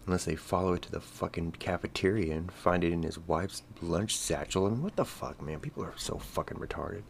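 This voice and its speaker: A man's voice: low voice, brisk, creaky, slight background noise. A man hosting a podcast, talking in a crude, sarcastic, rambling monologue full of swearing. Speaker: podcast host. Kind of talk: casual comedic monologue.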